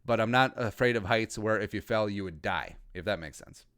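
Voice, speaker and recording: A man's voice: fairly low pitch, fairly quick, fairly bright tone, clear, resonant tone. A man in his thirties from Minnesota hosting a casual livestream podcast, rambling and joking with crude asides. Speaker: podcast host.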